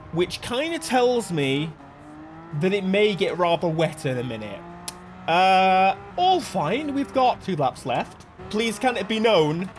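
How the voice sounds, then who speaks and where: A man hosting a gaming channel, commenting on a racing game in a jokey, excitable way and laughing often. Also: high-pitched.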